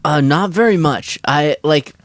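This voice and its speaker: A man's voice: a little high, unhurried, no room sound, clean studio sound. A man co-hosting a comedy podcast, rambling and unsure, in casual chat. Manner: rambling, unsure, laughs often. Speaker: podcast co-host.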